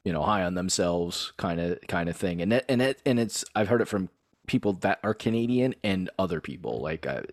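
A man with a lowish voice chats on a podcast, hesitating and restarting as he talks. His pitch moves around a lot, and the sound is dry and close. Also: animated, fairly quick, no echo. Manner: hesitant, with jokey mock announcements. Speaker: podcast co-host. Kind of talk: casual chat.

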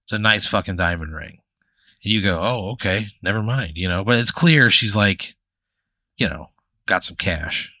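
Bright, forceful man spinning a rambling comic tale. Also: low voice, moderate pace, pauses often, dry recording. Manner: rambling, profane, full of fillers and restarts. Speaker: comedy podcast host. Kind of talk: improvised comedic storytelling.

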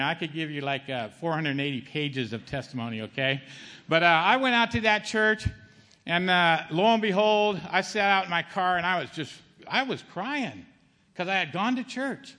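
A man's voice: sits high, normal speed, bright, forceful tone, long reverb tail. A middle-aged man giving a spoken church testimony in a conversational way, often asking the audience "okay?" and calling them "man". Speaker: testimony speaker.

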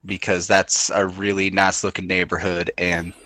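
A man's voice: deep voice, little pitch movement, normal speed, sharp tone, no room sound. A man playing a tabletop game, talking in a laid-back, joking way. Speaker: player. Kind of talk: casual tabletop play.

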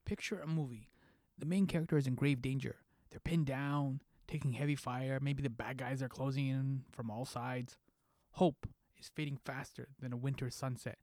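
A man's voice: mid-range voice, steady tone, normal speed, a little mellow, no echo, clean studio sound. A man hosting a podcast, reading a scripted monologue in a playful, jokey way with pop-culture asides. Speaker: podcast host.

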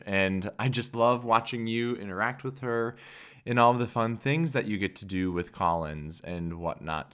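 Smooth low-voiced man hosting. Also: fairly bright tone. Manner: polite and encouraging, asks open questions. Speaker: podcast host. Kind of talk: casual podcast interview.

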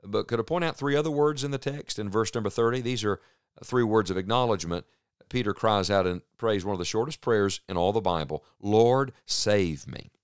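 A man preaching a sermon on the radio, earnest and emphatic, slowing down to stress key phrases. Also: on the low side, clean tone, dry recording, clean studio sound.

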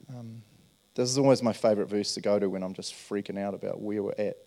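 A man's voice: fairly low pitch, fairly even intonation, fast talker, creaky, dark tone. A man, preaching a casual, earnest sermon and often checking in with his listeners. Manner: earnest, storytelling, checks in with "right?". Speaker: pastor. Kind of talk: conversational sermon.

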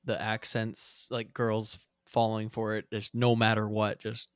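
Relaxed, wry podcast co-host man. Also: on the low side, measured pace, clean tone, no echo, studio quality. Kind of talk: casual movie review chat.

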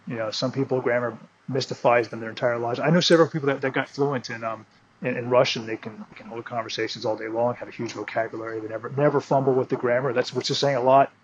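A male instructor chatting as a podcast guest. He speaks in a friendly, halting way, often restarting his sentences, over a faint background hiss. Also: mid-range voice, steady tone, highs cut off. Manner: hesitant, many restarts, friendly. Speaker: guest, riding and martial arts instructor. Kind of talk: conversational interview.

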